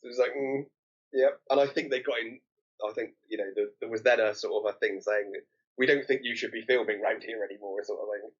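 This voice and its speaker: Husky man on a dull lo-fi line. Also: lowish voice, fairly even intonation, fast talker. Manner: hesitant, repeats words, shares trivia. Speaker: podcast co-host. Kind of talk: casual film discussion.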